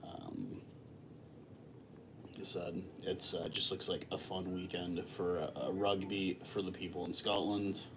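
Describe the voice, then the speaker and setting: A man hosting a casual livestream, chatting with viewers in a relaxed, rambling way with many fillers and restarts. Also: sits low, a little slow, background noise. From lives in Texas. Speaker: livestream host. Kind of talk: casual live chat with viewers.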